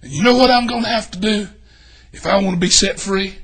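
An older man preaching a folksy sermon, swinging between shouts and hushed asides. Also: high voice, brisk, breathy edge. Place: church.

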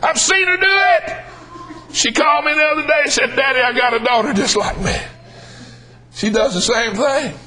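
A man's voice: very high-pitched, moderate pace, pushed and bright, poor audio. An older man preaching a humorous sermon, folksy and drawling, calling out lines for emphasis.

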